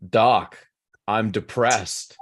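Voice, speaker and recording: A man's voice: lowish voice, extremely slow. A man voicing a depressed father moth, complaining and pleading while telling a joke. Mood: pleading, despairing.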